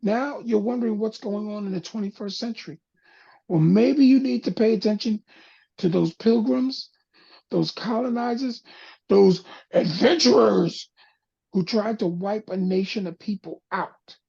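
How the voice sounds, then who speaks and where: A man with a gravelly, husky voice delivers an impassioned talk-show monologue in a preacher-like rhythm, sinking low and soft to press his points. His tone is dark and mellow, and the recording sounds a little dull and lo-fi. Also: unhurried. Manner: preacher-like cadence, drops voice low and soft for emphasis. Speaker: panel host.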